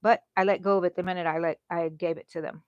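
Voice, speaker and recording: A woman's voice: on the low side, fairly even intonation, fast, a little mellow, no echo, muffled recording. Middle-aged woman host, rambling chatty livestream talk while crocheting, dry close sound. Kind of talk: casual chat during a livestream.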